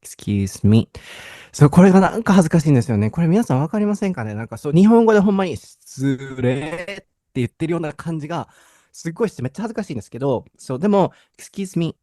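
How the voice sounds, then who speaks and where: A young man with a lilt hosts a bilingual English lesson, chatty and quick to laugh. His delivery is rapid and swings widely in pitch. The tone is mellow and the sound dry and close. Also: dry recording. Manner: animated, chatty, laughs often, switches between Japanese and English. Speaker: English teacher and podcast host. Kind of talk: unscripted bilingual language lesson.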